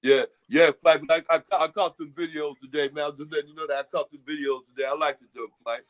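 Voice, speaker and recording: A man's voice: a little high, steady tone, quick pace, fairly bright tone. A man in casual chat who rambles, repeats himself and hands out folksy advice. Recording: lo-fi muffled audio.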